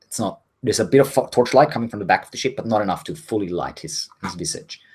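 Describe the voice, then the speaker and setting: A man narrating as game master of a tabletop game, unhurried and full of pauses and fillers. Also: lowish voice, breathy edge. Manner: relaxed narration with frequent um and uh.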